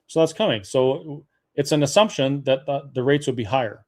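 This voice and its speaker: A man's voice: mid-range voice, normal speed, darkish tone. A man from Alberta hosting a webinar, arguing a political case point by point with frequent fillers and restarts. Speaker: webinar host. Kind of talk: persuasive political talk.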